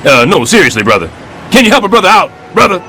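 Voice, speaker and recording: An actor voicing a blustering middle-aged building super in an animated sitcom, boastful and sarcastic. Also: male voice, sits high, fast, slight background noise, heavily acted.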